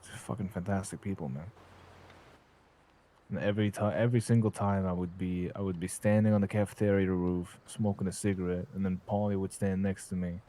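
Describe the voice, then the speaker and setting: A man talking in character during a role-play game, casual and profane, with halting restarts. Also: low voice, steady tone, warm tone, slight background noise.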